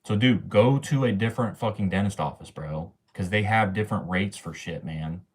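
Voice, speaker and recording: A young man talks to his livestream chat in a loose, slangy rant full of swearing. His voice sits on the low side, and his talk is offhand and casual. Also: normal speed, husky. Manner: slangy, ranting, swears often.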